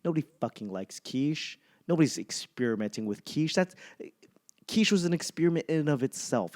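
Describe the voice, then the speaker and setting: A thirties-aged man from the Boston area, speaking with a Boston accent, hosts a podcast as a stand-up comic. His voice sits on the high side, a little mellow, with lively intonation and a fairly quick pace. It's a casual comedic monologue, rambling and profane, peppered with self-mocking asides.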